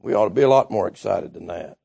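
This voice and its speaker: A man preaching a Baptist sermon, building fervently to shouts and dropping low again, with chuckles between points. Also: expressive, quick pace, creaky, breathy edge. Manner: fervent, rises to shouting then drops low.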